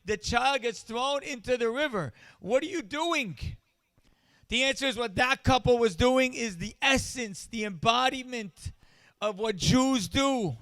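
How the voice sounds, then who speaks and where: Male charity-event speaker: high, smooth voice, close and dry, impassioned with building refrains. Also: a little slow, fairly bright tone, dry recording. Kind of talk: inspirational event speech.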